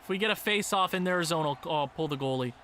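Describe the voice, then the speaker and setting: Excitable young man, bright high voice. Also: fast talker, slight background noise. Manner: excitable, swings from muttering to shouting. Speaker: gaming YouTuber. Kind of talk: casual game commentary.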